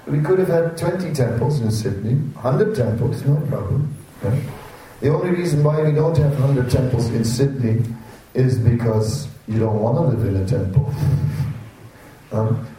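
A man's voice: medium pitch, dark tone, recorded from a distance, a little hiss or hum. A man giving an informal temple sermon, chatty and anecdotal, chuckling at his own jokes. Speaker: temple preacher. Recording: roomy echo, speaker away from the mic.

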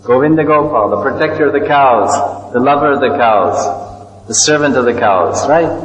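A man's voice: medium pitch, slight background noise. A man giving a storytelling sermon, explaining terms and asking his listeners questions. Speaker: spiritual teacher. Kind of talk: sermon on scripture. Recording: echoey hall, dull lo-fi sound.

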